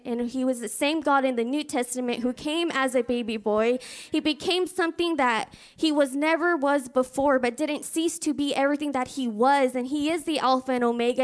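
A woman preaching a sermon, telling a personal story in an earnest way with many fillers. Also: sits high. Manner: fervent spoken prayer.

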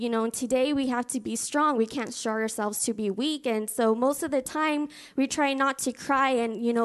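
A woman preaching a sermon, telling a personal story in an earnest way with many fillers. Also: on the high side. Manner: fervent spoken prayer.

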